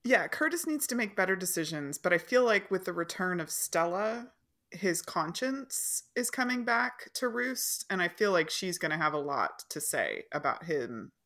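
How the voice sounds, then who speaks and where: A woman's voice: on the low side, lively intonation, normal speed, fairly bright tone. A woman co-hosting a casual podcast, wry and laughing often as she reads out her notes on the episodes. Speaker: podcast co-host. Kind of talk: casual chat recap.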